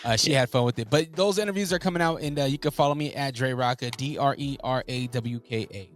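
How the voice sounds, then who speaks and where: A man's voice: mid-range voice, quick pace, faint music behind. A man co-hosting a wrestling podcast, talking animatedly in casual chat, laughing often and using lots of fillers. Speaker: podcast co-host.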